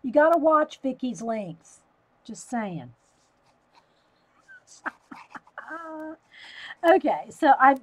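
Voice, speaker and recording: A woman's voice: mid-range voice, poor audio. A woman with a Southern US accent, chatting casually on a livestream while she draws. She talks to viewers by name and laughs often. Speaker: livestream host. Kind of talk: casual live-stream chat while drawing.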